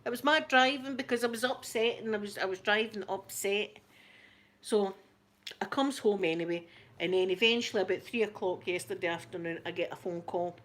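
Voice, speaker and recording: A middle-aged Scottish woman hosting her channel, chatting through a story in a lively, indignant way. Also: medium pitch, a little fast. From Scotland. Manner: animated, indignant retelling full of "I says". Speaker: channel host. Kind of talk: casual storytelling chat.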